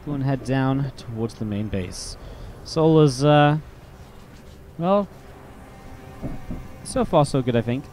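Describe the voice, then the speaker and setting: Casual English esports caster. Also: male voice, medium pitch, slow, long pauses, darkish tone, slight background noise. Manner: chatty, casual asides between play calls. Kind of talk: live play-by-play game commentary.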